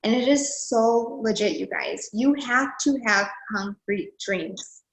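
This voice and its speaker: Woman, casual motivational speaker, animated and chatty, roomy echo on the call audio. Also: a little high, slow, gravelly. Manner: chatty, animated, lots of "like" and "you guys". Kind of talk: motivational video call talk.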